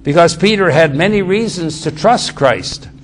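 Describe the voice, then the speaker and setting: Guy preaching a bible sermon, kinda high voice, keeps repeating and restarting lines, emphatic, faint hiss. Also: expressive, moderate pace. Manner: repetitive, restarts phrases, emphatic.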